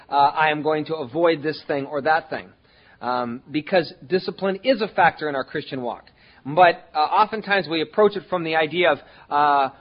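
Earnest male preacher, a bit high-pitched, halting with fillers, stresses key words; muffled lo-fi recording. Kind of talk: sermon. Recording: dull lo-fi sound.

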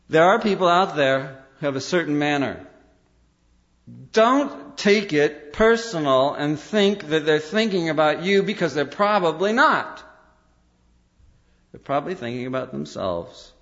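A man preaching a sermon, telling stories and acting out quotes in an animated way. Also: on the high side, a little slow. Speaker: pastor. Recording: dull lo-fi sermon recording.

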